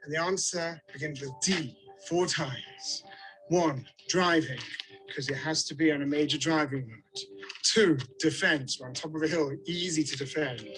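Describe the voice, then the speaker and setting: A man's voice: fairly high pitch, normal speed, over music, rough recording. A British man leading an outdoor tour on a hilltop, jokey and enthusiastic, a little out of breath. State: slightly out of breath. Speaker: tour guide. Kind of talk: outdoor guided tour to camera.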